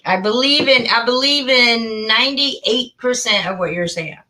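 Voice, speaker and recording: Woman hosting a livestream chat, bright high voice, gushy and laughing a lot. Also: a little slow, low-quality recording. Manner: effusive, laughs often. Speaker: host.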